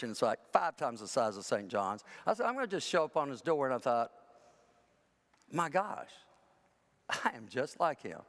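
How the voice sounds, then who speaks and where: Animated male pastor in echoing church. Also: fairly high pitch. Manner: animated, chatty, self-deprecating humor, voices people in his stories. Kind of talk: conversational sermon with storytelling. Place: large church sanctuary. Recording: church with long reverb.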